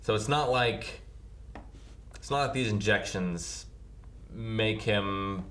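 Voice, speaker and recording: A young man with a very low but bright, forceful voice speculates casually as co-host of a reaction show. He thinks out loud and pieces his ideas together as he goes. Faint noise sits under the recording. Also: takes it slowly. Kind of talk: casual discussion.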